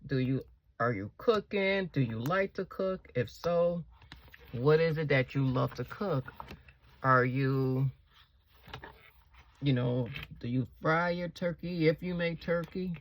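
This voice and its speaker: A woman's voice: sits low, a little hiss or hum. A woman vlogger chatting casually while she decorates a planner spread at home, rambling and asking viewers questions. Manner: rambling, slow and relaxed.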